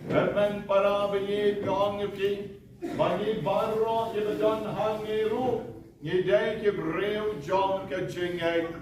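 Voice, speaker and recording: A man, a priest, giving a sermon at a novena Mass in a slow, measured way. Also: high voice, little pitch movement. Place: large church hall. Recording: echoey church sound from a distant mic, noisy.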